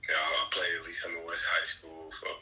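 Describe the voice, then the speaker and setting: Deep-voiced young man, laid-back and forceful. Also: completely flat delivery, quick pace, a little hiss or hum, poor audio. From Kansas City, Missouri. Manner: laid-back, peppers speech with "man" and "bro", restarts often. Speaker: assistant basketball coach. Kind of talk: casual podcast interview.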